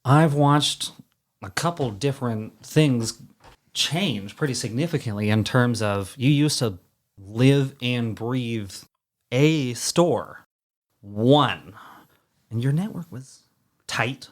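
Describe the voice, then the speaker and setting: A man talking as a guest on a studio podcast, rambling and halting, with restarts and self-deprecating asides. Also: mid-range voice, animated. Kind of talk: casual podcast chat.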